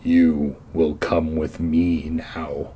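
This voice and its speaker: A man's voice: flat delivery, dark tone, breathy edge, dull audio, exaggerated voice. A man growling as a menacing caped stranger. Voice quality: low growl, slow and threatening.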